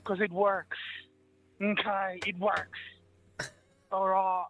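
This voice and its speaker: A man with a very high speaking voice calls in for joking banter. He fakes a British accent the whole way through and keeps tossing in "mate" like a running bit. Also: level tone, takes it slowly, fairly bright tone, muffled recording, soft background music. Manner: puts on a mock British accent, repeating "mate".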